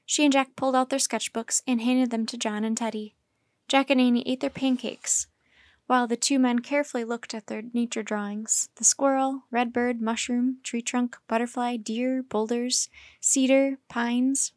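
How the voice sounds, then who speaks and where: A woman reading a children's chapter book aloud in a calm, measured way. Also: on the high side, no room sound, studio quality. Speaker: storyteller.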